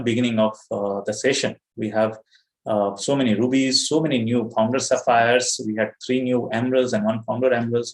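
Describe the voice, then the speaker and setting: A middle-aged man with an Indian accent giving an earnest, emphatic motivational talk to his business team, often saying "you know". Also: medium pitch. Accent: Indian English. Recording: roomy echo.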